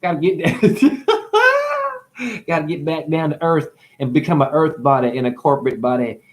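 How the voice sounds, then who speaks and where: A man's voice: fairly high pitch, fairly even intonation, fast talker, close to an everyday voice. A man voicing a grumbling star-being who moans and complains about being tired of shining. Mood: complaining. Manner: groaning, complaining.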